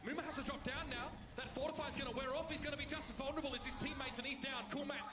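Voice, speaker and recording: Brief: male esports caster, very high and fast, echoey arena broadcast, loud music underneath. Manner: rapid, excited play-calling. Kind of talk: play-by-play esports commentary.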